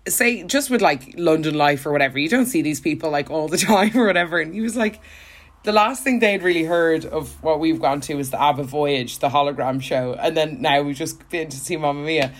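A woman's voice: low-pitched, fairly quick. A young woman, co-hosting a casual chat, talking with lots of fillers and frequent laughs. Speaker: podcast co-host.

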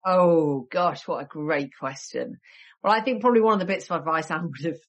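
A woman with a notably low voice and a cold talks through history in a relaxed podcast interview. She tells her stories in a chatty way, dropping wry asides as she goes. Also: fairly quick, dull audio. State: has a cold. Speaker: guest historian and author.

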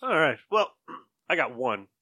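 A man with a bright voice talks about a comic in a loose, excitable way. He piles up words for effect and curses casually. The recording is dry and close, with no room sound. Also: medium pitch, a little slow, no room sound. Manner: excitable, profane, jumps between words. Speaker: comic book podcast co-host. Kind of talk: casual chat.

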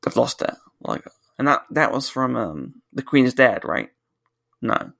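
This man from the UK co-hosts a podcast, venting in loose conversation full of profanity, false starts and self-corrections. His pitch swings widely around a mid-range voice with some fry, and he speaks a little slowly in a fairly bright tone. There's no room sound.

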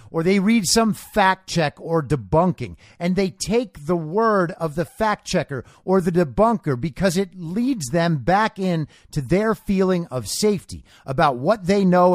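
Give me a male podcast host delivering a political commentary monologue. He has a high voice that swings widely in pitch. He lectures in a combative way and keeps punching lines with "okay?". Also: no echo, studio quality.

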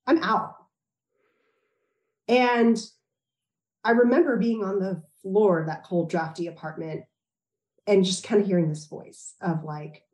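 A woman, probably in her thirties, speaking as an interview guest and telling a personal story in a reflective, candid way with halting restarts. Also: medium pitch, fairly even intonation, a little mellow, roomy sound.

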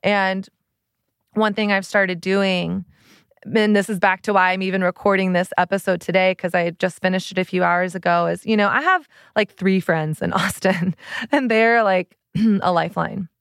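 A woman's voice: mid-range voice, steady tone, moderate pace, smooth, no room sound, clean studio sound. A woman in her thirties, a podcast host and relationship coach, talking openly and earnestly in a personal confessional way, full of "like" fillers. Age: 30s. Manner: earnest, open, many "like" fillers.

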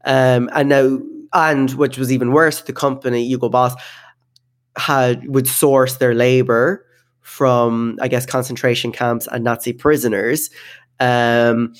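Man, podcast co-host, casual chat, mid pitch, filler-heavy. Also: level tone, unhurried. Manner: chatty, laughs often, many fillers.

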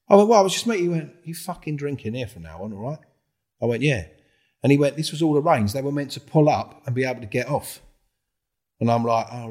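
A man, a former undercover police officer, telling his stories in a casual interview, swearing freely and acting out what others said. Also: mid-range voice. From England. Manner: swears a lot, acts out other people's lines with lively quoted voices.

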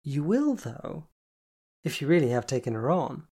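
A narrator voicing a brash, foul-mouthed, bossy young woman who talks loudly and bluntly and teases. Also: mid-range voice, sing-song, normal speed, slightly rough. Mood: insistent. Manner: loud, teasing, blunt.

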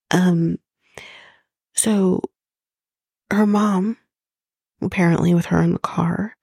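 Gravelly, husky woman ranting incredulously. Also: medium pitch, mellow, dry recording, clean studio sound. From Canada. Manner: drops into whispers for emphasis. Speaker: podcast host recapping a reality show. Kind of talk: casual recap chat.

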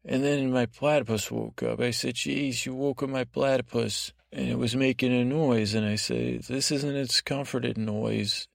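A man hosting a podcast, telling a meandering, deadpan improvised bedtime story. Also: medium pitch, measured pace, creaky, few pauses, dry recording, clean studio sound. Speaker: podcast host.

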